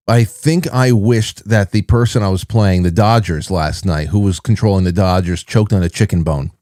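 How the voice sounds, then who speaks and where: A man's voice: sits low, moderate pace, few pauses, warm tone, dry recording, studio quality. A man hosting his own show, rambling through stories and news in a wry, casual way. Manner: rambling, wry, restarts mid-sentence. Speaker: podcast host. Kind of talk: casual solo commentary.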